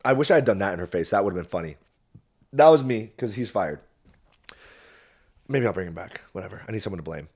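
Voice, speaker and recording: A man's voice: on the low side, fast, long pauses. Rambling, profane young man telling a story. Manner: animated, profane, rambling with frequent fillers. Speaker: podcast host. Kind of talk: casual storytelling.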